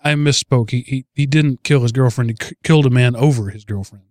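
A man's voice: mid-range voice, a little fast, a little mellow, no echo. A man hosting a casual podcast chat, telling a news story with amused chuckles. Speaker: podcast host.

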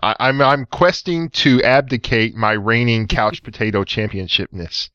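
A man's voice: mid-range voice, normal speed, bright, forceful tone, clean tone, dry recording. A man in casual chat, self-deprecating. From East Texas. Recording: dull lo-fi call audio.

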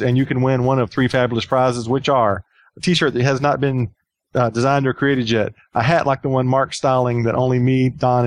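A man with a mid-range voice talks casually as a podcast co-host, easygoing and joking, with plenty of fillers. The sound is dry and close, with no room echo. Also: mid-range voice. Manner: chatty, joking, rambling with fillers.

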